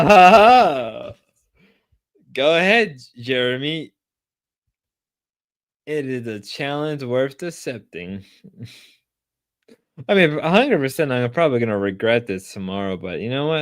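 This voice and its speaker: A man's voice: medium pitch, bright, forceful tone, dry recording. Drunk, rowdy, whooping male streamer. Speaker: livestreamer. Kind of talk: casual livestream chat.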